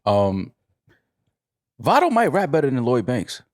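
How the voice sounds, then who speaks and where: A man's voice: medium pitch, wildly swooping pitch, unhurried, dry recording, clean studio sound. A man co-hosting a casual podcast chat, teasing and laughing often. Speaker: podcast co-host.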